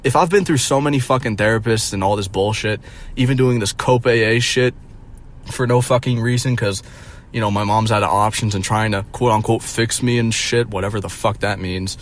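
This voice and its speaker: A man's voice: on the low side, a little fast, a little hiss or hum. Rambling, profane young man. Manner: profane, rambling, with many fillers; incredulous and mocking. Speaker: streamer. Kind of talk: casual storytelling rant.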